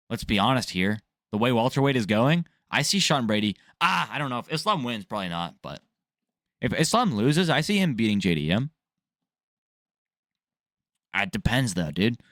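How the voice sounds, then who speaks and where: A man in a casual, profane sports rant, blunt and jokey. His pitch sits in the middle range for a man. The sound is close and dry with no room echo. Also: sing-song, moderate pace, pauses often, fairly bright tone. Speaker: MMA news vlogger. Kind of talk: casual ranting commentary.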